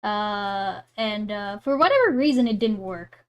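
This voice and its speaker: A woman's voice: medium pitch, lively intonation, measured pace, clear, resonant tone, muffled recording. A woman streamer chatting casually and laughing while reacting live. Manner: giggly, rambling, self-deprecating.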